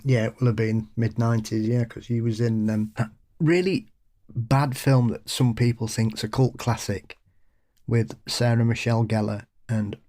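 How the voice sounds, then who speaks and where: A man co-hosts a casual podcast with a mellow, darker voice at a middle pitch. He drops dry, sardonic quips into the conversation. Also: normal speed. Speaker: podcast co-host. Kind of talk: casual chat.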